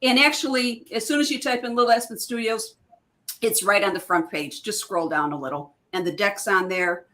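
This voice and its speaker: A woman's voice: medium pitch, moderate pace, pushed and bright. A woman who is a guest in a casual chat, explaining her ideas with enthusiasm. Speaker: guest, oracle card creator.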